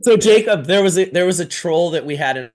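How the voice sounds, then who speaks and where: Dude hosting a laid-back chat show, joking around, swears a bunch, slightly high voice. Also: male voice, fairly quick. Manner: animated, joking, swears a lot. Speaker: host. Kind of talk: casual chat.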